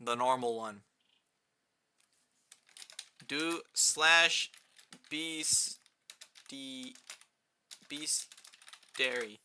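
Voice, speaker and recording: A young man chatting casually on a live gaming stream, rambling and answering chat, with a fairly high-pitched voice and keyboard clicks near his desk mic. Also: very slow, long pauses, a little hiss or hum. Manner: rambling, answers chat, rising excited outbursts.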